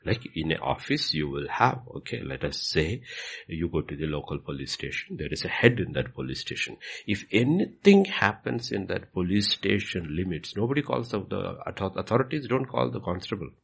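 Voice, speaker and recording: In a Q&A teaching session, a pastor answers questions with a low, gravelly, husky voice that's a bit bright, swinging widely in pitch at a brisk pace. He repeats his points emphatically and acts out the questions he quotes.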